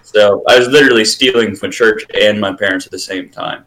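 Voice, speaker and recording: A man's voice: lowish voice, a little fast, fairly bright tone, slight background noise, poor audio. A man in casual chat, telling rambling stories and swearing often. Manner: swears a lot, loose rambling storytelling.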